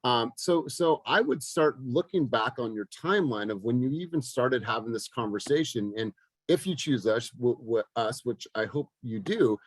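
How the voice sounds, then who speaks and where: A man leads a group coaching session over a video call, his voice dry and close with little room sound. He talks in an upbeat, encouraging way, peppered with ums and uhs. His pitch sits in an ordinary middle range. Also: animated, normal speed, husky, no room sound, poor audio.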